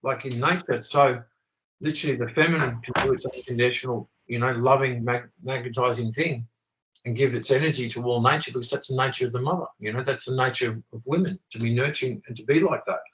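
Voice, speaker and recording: Forceful, swearing man on a video call. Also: medium pitch, fast, slight background noise, rough recording. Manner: swears often, forceful, preachy. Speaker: channel host. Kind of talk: impassioned conversational rant.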